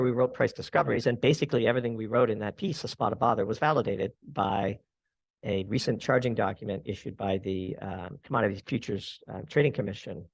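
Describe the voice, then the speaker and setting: Gravelly man explaining markets. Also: fairly low pitch, dry recording. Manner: analytical, explains at length. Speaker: guest commentator. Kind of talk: podcast interview answers.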